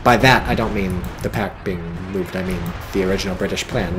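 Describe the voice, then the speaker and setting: A man casting a strategy game replay in casual commentary, excitable, swearing freely and exclaiming often. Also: low voice, fairly quick, noisy background.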